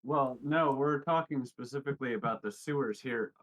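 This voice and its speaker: A man playing a tabletop game, explaining plans calmly with fillers. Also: mid-range voice, moderate pace, poor audio. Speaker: player. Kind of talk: casual chat.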